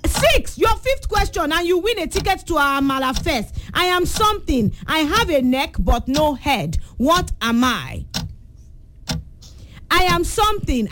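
A woman hosting a children's call-in radio quiz, brisk and encouraging, repeating each question for the young callers. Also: sits high, background noise. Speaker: radio quiz show host.

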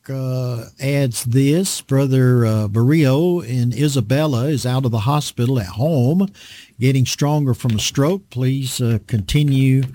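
Slow, deliberate male preacher. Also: medium pitch, mellow. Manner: slow, deliberate reading with frequent fillers. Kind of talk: Bible study sermon.

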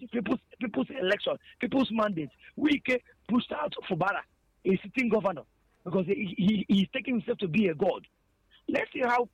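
Fast-talking Nigerian man arguing politics by phone. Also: high voice, husky, no echo, rough recording. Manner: rhetorical, asks "you understand?". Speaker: radio caller. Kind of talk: heated call-in opinion.

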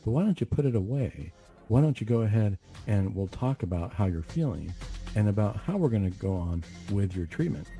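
A man's voice: on the low side, big pitch swings, fairly quick, dark tone, faint music behind. A man who hosts a faith radio show and works as a clinician, telling a story in an earnest, conversational way and often restarting his phrases. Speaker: radio host and mental health clinician.

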